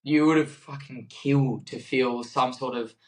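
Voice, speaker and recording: Young dude on a podcast, kinda hesitant, lots of ums, laughs easy, mid voice. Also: male voice, mid-range voice, fairly even intonation, measured pace, low-quality recording. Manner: hesitant, many fillers and restarts, laughs easily. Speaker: podcast co-host. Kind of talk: casual chat.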